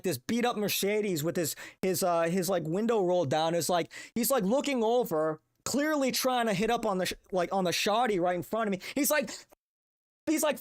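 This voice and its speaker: A young adult streamer ranting casually, profane, exasperated and rambling. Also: mid-range voice. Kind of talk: casual livestream rant.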